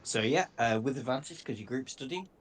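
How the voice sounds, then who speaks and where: A man from northern England running a tabletop game as game master, easygoing and quick to laugh. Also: medium pitch, animated.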